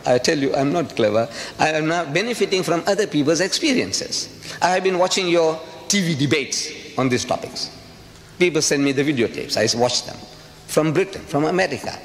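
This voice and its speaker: A man's voice: fairly high pitch, lively intonation, fairly quick. A man from South Africa giving a public lecture, talking emphatically with repeated rhetorical questions. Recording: reverberant hall with faint ambient noise.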